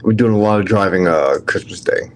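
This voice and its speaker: A man's voice: sits low, fairly quick, low-quality recording. Man, strong new york accent, brash, profane, casual stream chat, faint background noise. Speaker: livestream host.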